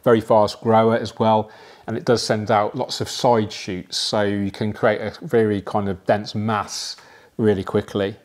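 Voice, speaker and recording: A man casually explaining how he plants an aquarium, chatty and relaxed, with frequent fillers and asides. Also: lowish voice, measured pace. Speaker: aquascaping presenter.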